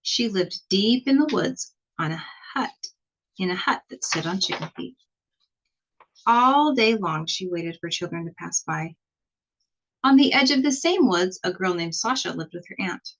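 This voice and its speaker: A woman reading a children's picture book aloud in an expressive, slow storytelling manner. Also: medium pitch, muffled recording. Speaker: storybook reader.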